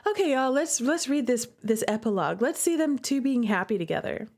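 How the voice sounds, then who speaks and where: A woman's voice: on the high side, expressive, a little fast, darkish tone. A woman streamer reading a visual novel aloud and reacting in a chatty, emotional way. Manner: emotional, chatty, indignant on the character's behalf. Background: faint guitar music.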